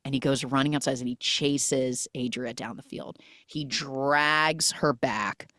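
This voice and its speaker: Low-voiced woman retelling a movie. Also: a little slow, no echo, clean studio sound. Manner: animated storytelling, quoting characters. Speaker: podcast host. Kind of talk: movie recap podcast.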